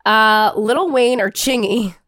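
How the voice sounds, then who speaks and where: A woman's voice: a little high, takes it slowly, a bit bright, no echo, clean studio sound. A young woman co-hosting a casual chat, chatty and giggly. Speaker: podcast co-host.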